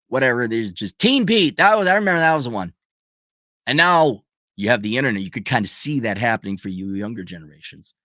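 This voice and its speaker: Middle-aged man, ranting monologue, crude and mocking, lively swooping pitch, dry close sound. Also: no room sound. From United States. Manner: profane, mocking, mimics people in high falsetto voices. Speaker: channel host.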